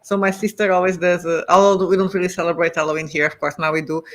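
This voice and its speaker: Hesitant high-voiced man. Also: little pitch movement, fairly bright tone. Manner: hesitant, halting. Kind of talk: casual chat.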